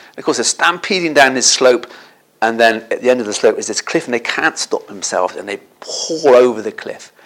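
A man telling a Bible story as a sermon in an animated way, often turning to his listeners with tag questions. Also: medium pitch.

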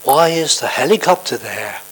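A man's voice: medium pitch, expressive, normal speed, fairly bright tone, slight background noise, natural voice, low-quality recording. A man voicing a businessman boss who keeps asking polite, puzzled questions over the phone. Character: worried adult male businessman boss on the phone.

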